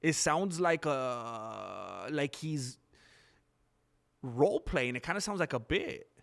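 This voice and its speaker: A man with a mid-range, expressive voice and some vocal fry hosts a casual livestream at a slow pace. He rambles, reacts to the chat, and says "um" a lot.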